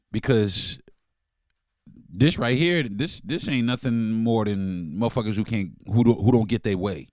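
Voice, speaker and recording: A man's voice: mid-range voice, no room sound, clean studio sound. A middle-aged man hosting a solo podcast, ranting angrily with heavy profanity and mocking quotes. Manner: profane, heated, repetitive, mock-quoting others. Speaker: podcast host. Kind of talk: angry solo podcast rant.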